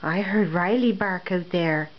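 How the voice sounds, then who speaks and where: A mother in a casual home video, gently coaxing her toddler with short repeated phrases in a sing-song voice. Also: lowish voice, a little slow. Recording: dull lo-fi home recording, faint room noise.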